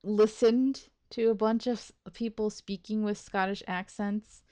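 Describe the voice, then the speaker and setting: A woman with a warm, mid-range voice speaks at a measured pace with fairly even intonation. She's hosting a let's play, giving casual gameplay commentary, joking at her own expense about her schedule and the game while thinking aloud, restarting often and laughing.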